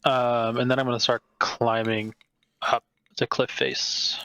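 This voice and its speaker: A man's voice: medium pitch, level tone, unhurried, pushed and bright. A man playing a tabletop game, chatting casually in a laid-back, matter-of-fact way.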